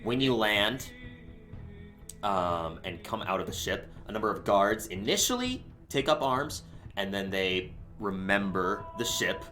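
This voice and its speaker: A man narrating as game master of a tabletop role-playing game, in a relaxed, rambling way with many fillers. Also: lowish voice, measured pace, soft background music.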